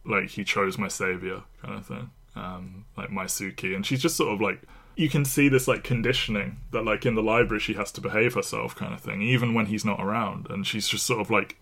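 A man's voice: lowish voice, fairly even intonation, fairly quick, vocal fry, a bit bright. A man co-hosting a podcast, chatting casually about a film, laughing often and acting out the characters' lines. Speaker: podcast co-host.

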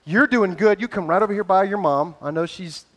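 A man with a strikingly high voice tells a Bible story on stage. He is playful and energetic, joking with his volunteers and the audience as he guides them through the scene. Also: fairly quick. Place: stage before a live audience.

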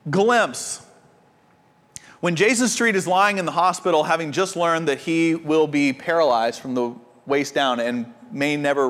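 A man delivers a sermon from the pulpit, his voice high and light for a man. He moves between impassioned swells and hushed, intense moments. Long reverb from the church sanctuary trails behind each phrase. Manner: impassioned preaching, dropping to quiet intensity. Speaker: pastor. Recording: reverberant hall.

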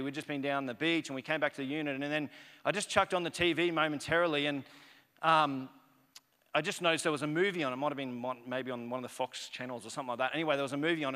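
Male pastor, 30s, slightly high, bright voice, chatty, restart-heavy sermon storytelling, church reverb. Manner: rambling, conversational, emotional storytelling with many restarts. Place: church auditorium.

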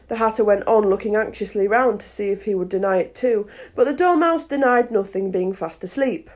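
A woman's voice: mid-range voice, brisk, hardly any pauses, darkish tone. A woman podcast host narrating a children's book aloud, with chatty, playful asides. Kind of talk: storybook narration.

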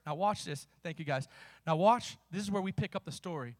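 A man's voice: a little high, fairly quick, no echo. A man preaching a sermon as pastor, with impassioned delivery and vivid storytelling.

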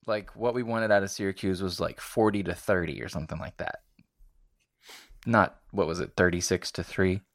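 A man co-hosting a sports podcast, deadpan in casual banter. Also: sits low, normal speed, no room sound, clean studio sound. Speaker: podcast co-host.

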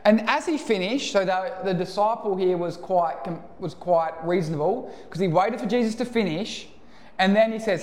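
A man's voice: sits high, moderate pace. A man with an Australian accent preaching a casual, storytelling sermon live in a church. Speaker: pastor. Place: church hall. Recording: echoey church hall, live.

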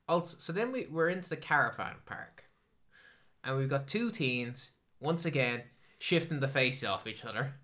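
Bright-voiced Irish podcaster, sweary and mocking. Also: mid-range voice, lively intonation, unhurried, long pauses. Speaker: podcast co-host. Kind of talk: casual chat reviewing a film.

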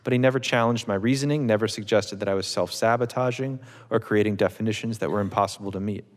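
A man reading from his own novel to a live audience in a measured, wry literary manner. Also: on the low side. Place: auditorium stage. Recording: long reverb of a large hall.

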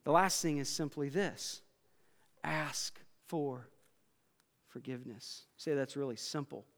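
A man preaching a sermon, swinging from quiet remarks to loud, emphatic passages. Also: medium pitch, takes it slowly. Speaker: pastor. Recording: long reverb of a large hall.

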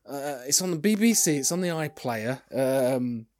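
A man's voice: medium pitch, animated, normal speed, darkish tone. A man in his thirties hosting a casual solo podcast, rambling and sidetracking, often restarting his sentences. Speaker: podcast host.

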